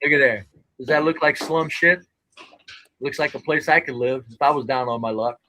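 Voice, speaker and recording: A man's voice: medium pitch, moderate pace, sharp tone, a little hiss or hum, poor audio. A man hosting a show, commenting live on footage and urgently coaching someone to get out. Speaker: landlord channel host.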